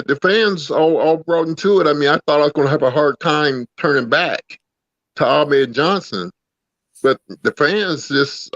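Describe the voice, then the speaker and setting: A relaxed man in his fifties, a guest, telling stories in an easygoing drawl. He keeps calling the host "brother" and "man." His voice comes through a dull, lo-fi line with a dry, close sound. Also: mid-range voice, no echo. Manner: laid-back, drawling, calls people "brother" and "man". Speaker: guest, former pro wrestler. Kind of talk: casual storytelling interview.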